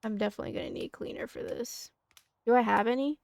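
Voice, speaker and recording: A woman's voice: on the high side, steady tone, fast talker, gravelly, darkish tone, dry recording. A woman streaming a game, chatting casually and muttering to herself as she plays. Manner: mutters to herself while playing.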